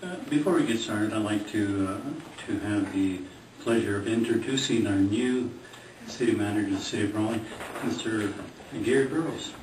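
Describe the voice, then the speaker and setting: Lowish guy on the board making an intro, far mic, hissy room. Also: moderate pace. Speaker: board member. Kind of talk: meeting remarks. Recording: echoey chamber, distant mic, hiss.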